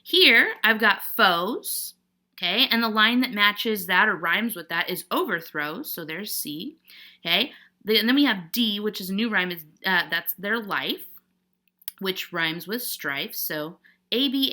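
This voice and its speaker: A woman's voice: mid-range voice, lively intonation, measured pace, bright, forceful tone. A woman teacher walking a class through a poetry worksheet, patiently checking understanding with frequent "okay?"s. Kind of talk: classroom lesson walkthrough.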